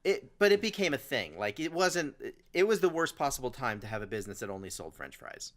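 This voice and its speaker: Bright-voiced man telling an animated story. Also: medium pitch, a little fast. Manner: animated, acts out quoted people in his stories. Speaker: podcast host. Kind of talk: casual storytelling conversation.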